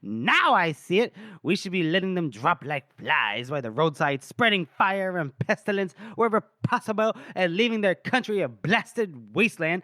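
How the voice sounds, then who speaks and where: A man voicing a sharp-tongued noblewoman who mocks officers, in a high, sarcastic falsetto. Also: clear, resonant tone, no echo, clean studio sound, close to an everyday voice.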